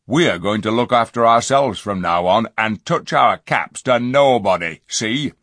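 A black-bearded dwarf, surly and full of scorn, jeering in a rough, common way, as a man puts him on. The voice sits a little above the reader's own and pushes louder, with a husky grain in a dry, close recording. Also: lowish voice, lively intonation, measured pace, dry recording, pitched above the performer's own voice, exaggerated voice. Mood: sneering. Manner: gruff, jeering, working-class speech.

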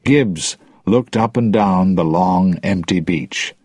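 Slow story reader guy, low voice, husky, dry close sound. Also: dry recording. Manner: slow, expressive reading. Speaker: narrator. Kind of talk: storybook reading.

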